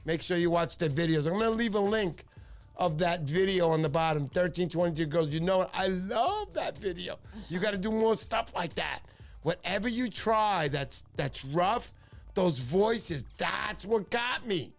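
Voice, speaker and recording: A middle-aged man hosting a casual livestream, telling excitable stories and acting out the voices of the people in them. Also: sits high, a little slow, vocal fry, soft background music. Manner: excitable storyteller, acts out voices in his stories. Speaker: livestream host.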